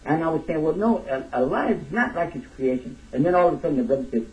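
A man giving a religious lecture in a casual, emphatic way, with sudden high bursts of emphasis. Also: quick pace, hardly any pauses, darkish tone. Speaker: Islamic teacher. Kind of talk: lecture sermon. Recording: distant dull lo-fi recording.

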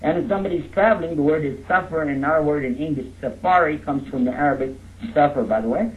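A man teaches a live crowd, joking as he goes and calling on the listeners to say words back to him. His voice sits fairly high for a man. The sound is thin and squeezed, like it is coming down a phone line. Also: quick pace, a little hiss or hum. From Texas. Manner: jokey, coaxing the audience to repeat words. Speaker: speaker teaching a live audience. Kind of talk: interactive lecture.

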